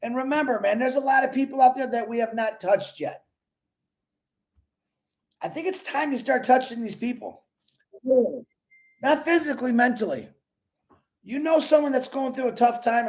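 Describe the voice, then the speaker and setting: High-voiced effusive man hosting a livestream. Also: expressive, moderate pace, pauses often. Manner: emotional, effusive, greets viewers by name. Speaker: livestream host. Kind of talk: casual livestream chat.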